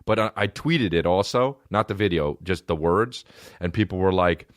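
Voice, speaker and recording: A man hosting a podcast, ranting in a profane, mocking, animated comic way into a close mic. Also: low-pitched, normal speed, dry recording. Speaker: podcast host. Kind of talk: solo comedic rant.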